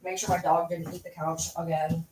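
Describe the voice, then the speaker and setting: A woman's voice: on the low side, level tone, normal speed, background noise. A woman chatting casually on a late-night livestream from home, blunt, rambling and swearing freely.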